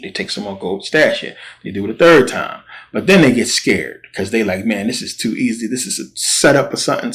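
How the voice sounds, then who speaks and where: A man with a lowish voice retells a scripture story in loose, casual speech. He slips into slangy quotes for each character as he goes. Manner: slangy, animated quoting of characters. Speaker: Bible storyteller.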